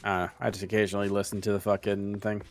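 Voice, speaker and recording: A man chatting while playing a co-op game, hesitant, with many pauses and fillers. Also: on the low side, flat delivery. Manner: hesitant, full of "uh", dry. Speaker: game co-player. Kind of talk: casual gaming chat.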